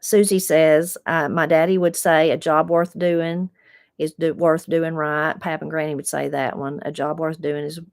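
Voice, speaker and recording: A woman with an Appalachian accent, reading viewer comments aloud and musing on them in an unhurried, folksy, reflective way. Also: low-pitched, little pitch movement, no echo, studio quality. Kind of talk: casual chat.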